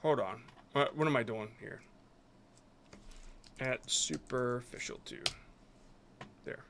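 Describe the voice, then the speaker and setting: A man's voice: mid-range voice, slow pace, a bit bright, a little hiss or hum. A man reviewing viewers' short videos on a live stream, talking casually and rambling a bit as he gives frank advice.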